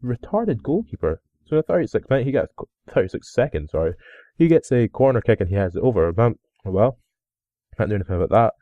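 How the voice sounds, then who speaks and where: Excitable young man recapping football matches. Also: on the low side, fast, no room sound, narrow, tinny audio. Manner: excitable, rambling recap with outbursts. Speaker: gaming video host. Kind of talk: casual gameplay commentary.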